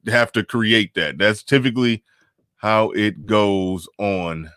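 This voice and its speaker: A man with a very low voice and speech hosts a live stream, riffing loosely. He repeats his phrases, chuckles between points and reads comments aloud. The sound is close and dry. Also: slow, fairly bright tone, no room sound. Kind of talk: casual live-stream commentary reading chat.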